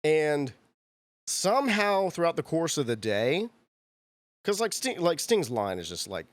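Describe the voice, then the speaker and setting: A man hosts a relaxed podcast conversation. He tells stories with energy, laughs often and acts out the people in them. The sound is dry and close, with the room barely heard. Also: a little high, measured pace, no room sound. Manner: animated storyteller, acts out quoted voices, laughs often. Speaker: podcast host. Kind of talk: casual podcast chat.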